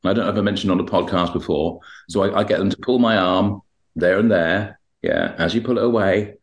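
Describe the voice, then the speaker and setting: Rambling low-voiced male hypnotherapist. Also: fairly quick. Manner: rambling, acts out dialogue when retelling sessions. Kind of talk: podcast interview, anecdotal storytelling.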